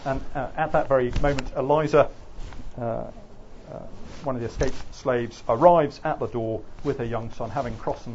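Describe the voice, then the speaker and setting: A man's voice: medium pitch, steady tone, normal speed, a little mellow, slight background noise. A man with an Oxford English accent giving a classroom lecture, hesitant and full of fillers. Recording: slightly muffled recording.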